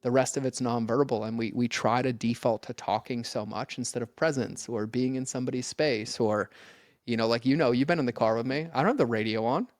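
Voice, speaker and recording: A man's voice: medium pitch, brisk, no echo, studio quality. A man talking as a podcast guest, earnest and direct, speaking casually with lots of "like" and the odd swear, often addressing listeners straight on. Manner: casual, peppered with "like" and mild swearing.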